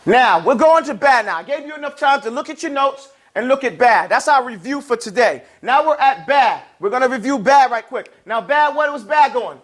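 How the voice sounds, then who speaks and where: In a classroom, a man with a very high-pitched voice teaches Arabic and recitation, speaking at normal speed with lively intonation and hardly any pauses. He explains patiently and uses call-and-response, having the class repeat each word after him.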